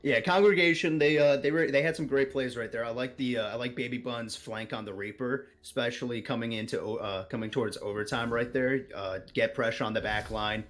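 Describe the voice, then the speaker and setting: A man breaking down a live esports match as the analyst. He explains tactics in an even, instructive way. His voice sits at a middle pitch. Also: a little fast, few pauses. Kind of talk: live esports color commentary.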